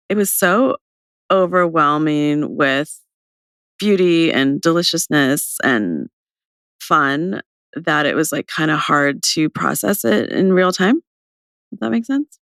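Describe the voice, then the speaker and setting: A young woman co-hosting a casual podcast chat, bubbly and chatty, her voice still rough with vocal fry from a recent cold. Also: sits low, sing-song, takes it slowly, a bit bright, no echo, studio quality. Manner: bubbly, chatty, laughing often. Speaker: podcast co-host.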